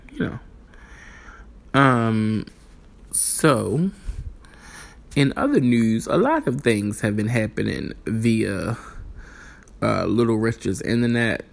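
A man's voice: on the low side, creaky. A man telling a rambling, exasperated story in a casual vlog, acting out the people in it. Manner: animated, exasperated storytelling with voiced asides. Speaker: vlogger.

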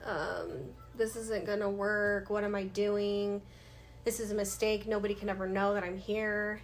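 A woman's voice: mid-range voice, a little slow, a little hiss or hum. A woman in her thirties, a podcast guest, telling her life story in a casual interview and acting out what people said to her. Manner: animated, acts out past dialogue.

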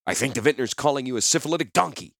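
A man voicing a bold, cunning young hero in chains who calls out loudly and urgently, in a storybook reading. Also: mid-range voice, gravelly, dry recording, clean studio sound, voice pushed up. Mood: scheming. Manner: loud, urgent, quick-witted calling out.

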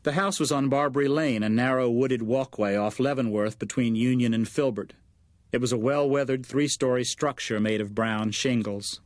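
A man narrates a story in a measured, even way at a middle pitch. The recording is dry and close, with no room sound. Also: no room sound. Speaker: audiobook narrator. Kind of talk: scripted narration.

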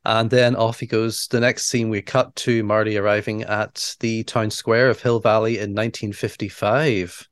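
A man's voice: medium pitch, moderate pace, few pauses, dry recording. A man co-hosting a podcast, casually retelling movie scenes step by step and laughing often. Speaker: podcast co-host. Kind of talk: casual movie recap chat.

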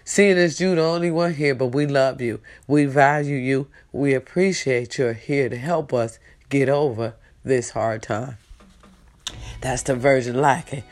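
A woman's voice: extremely low pitch, a little slow, a little mellow, soft background music. A woman in a casual, heartfelt livestream talk. She speaks straight to her viewers, repeats herself, and fights back tears while praising God and her family. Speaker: online show host.

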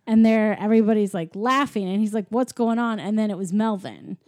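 A woman's voice: medium pitch, fairly quick, a little mellow, no room sound, clean studio sound. A woman chatting casually while retelling a film plot, with "like" in nearly every sentence. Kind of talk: casual chat recapping a film.

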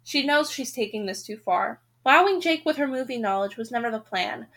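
A woman hosting a podcast, reading a novel aloud and reacting with expressive, emotional outbursts. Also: on the high side, normal speed. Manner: expressive reader who breaks off into emotional rants.

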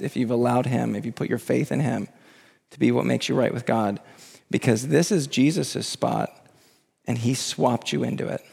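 Pastor, male, gravelly fervent preacher, higher register, long hall reverb. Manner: impassioned preaching, rising to near-shouts at the climax. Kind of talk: sermon.

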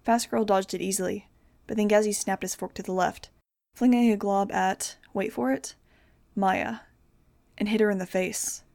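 Young woman reading a novel out loud, steady and plain, middle pitch, dry close sound. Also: moderate pace, gravelly, dry recording. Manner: steady, plain first-person storytelling. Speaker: audiobook reader. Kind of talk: amateur audiobook narration.

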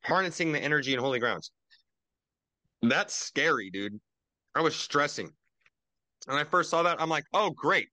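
A young man co-hosting a podcast over a video call, ranting and swearing in casual chat, jumping into loud mocking quotes. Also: a little high, expressive, normal speed, pauses often, dry recording. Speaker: podcast co-host.

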